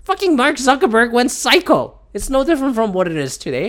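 A man's voice: extremely high pitch, sing-song, brisk, a bit bright. A man hosting a solo podcast, ranting in an exasperated, profane way, a bit teary and gulping after a swab test. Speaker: podcast host.

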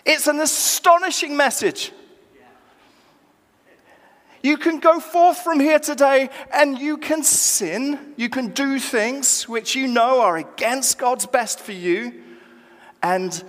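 A man preaching a sermon as pastor, animated and acting out dialogue with rising emphasis, recorded in a church. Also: extremely high pitch, slow. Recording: church hall reverb.

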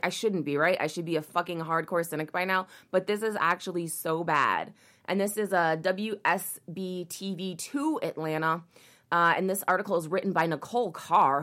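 A woman's voice: fairly low pitch, fairly bright tone. A woman reading a news article aloud and breaking off into sarcastic, indignant, profanity-laced rants. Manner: sarcastic, indignant, swears a lot, reads quotes aloud then rants. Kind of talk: casual commentary video.

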